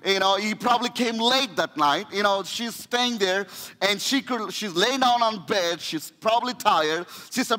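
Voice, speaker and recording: In a church sanctuary, a pastor with a high, bright, ringing voice delivers a sermon at a moderate pace, narrating with animation and frequently starting phrases over. The hall gives the sound a long echo.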